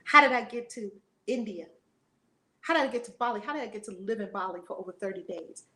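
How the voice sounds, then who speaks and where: A woman's voice: mid-range voice, expressive, fast talker, bright, forceful tone. A woman in her forties teaching a spiritual lesson in a fiery, preacher-like way, acting out voices. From United States.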